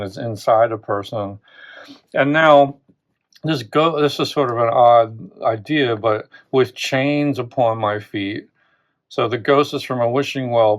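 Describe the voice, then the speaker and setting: Male lecturer, mid pitch, slow and searching, thinks out loud with frequent self-corrections. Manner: thinking aloud, many restarts and rhetorical questions. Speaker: literature teacher and channel host. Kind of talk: unscripted close reading lecture.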